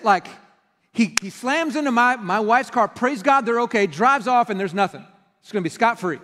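Pastor, middle-aged man, chatty storytelling sermon with lively acted-out lines, higher voice, long church reverb. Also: normal speed. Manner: conversational storytelling with animated quoted outbursts. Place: church sanctuary.

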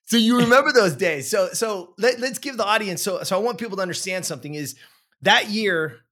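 A man in his forties telling a personal story in casual chat, animated, repeating words and acting out what people said. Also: sits high, fairly quick.

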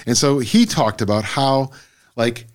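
A man's voice: medium pitch, expressive, a little slow. Guy rambling on a podcast, keeps tripping over words and fixing them, regular mid voice. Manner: rambling, fumbles and corrects his words. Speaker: podcast co-host. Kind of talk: casual chat.

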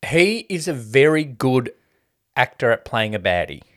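This co-host of a casual film review podcast has a medium-pitched, sing-song voice with a fairly bright tone and an unhurried pace. His talk is chatty, and he quotes others by putting on mock voices.

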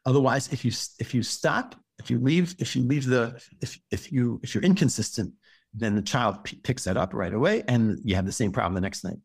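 A rabbi talking through parenting advice in a casual podcast chat, halting and restarting his words often. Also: medium pitch, gravelly, slightly rough, no echo.

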